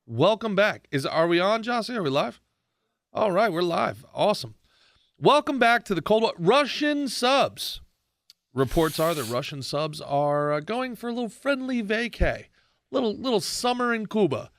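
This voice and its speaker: A man hosting his own podcast, ranting sarcastically about politics in a mocking, animated way. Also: high-pitched, dry recording, studio quality. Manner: sarcastic, mocking, animated rant with shouted impressions. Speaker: podcast host.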